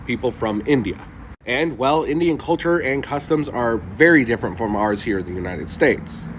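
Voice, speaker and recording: Profane, animated man telling a story. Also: medium pitch, slight background noise. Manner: profane, animated, laughing asides. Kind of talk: storytime monologue.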